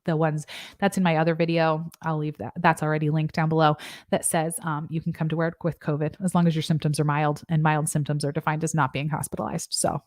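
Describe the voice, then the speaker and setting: A young woman nurse practitioner talks through guidelines on a casual livestream, joking with asides and reading out viewer comments. Her voice sits a little low for a woman. The sound is dry and close, with no room echo. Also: flat delivery, brisk. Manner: chatty and joking, with asides and fillers. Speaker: nurse practitioner and channel host.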